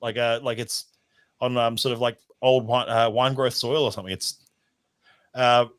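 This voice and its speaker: A man's voice: medium pitch, fairly even intonation, normal speed, clear, resonant tone. An Australian man chats loosely through a whisky tasting, circling his descriptions with "like" and "um". He sounds like he is on a video call, in an ordinary mid-range voice. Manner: rambling, searching for words with many fillers. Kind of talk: casual online tasting chat.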